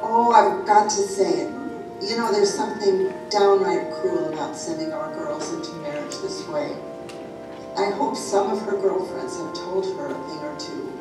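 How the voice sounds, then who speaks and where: A woman's voice: medium pitch, moderate pace, natural voice. A woman reading a fretful wedding-day mother. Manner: fretful, confiding. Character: worried small-town mother on wedding day. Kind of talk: amateur play reading. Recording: echoey room, mic far off, music behind.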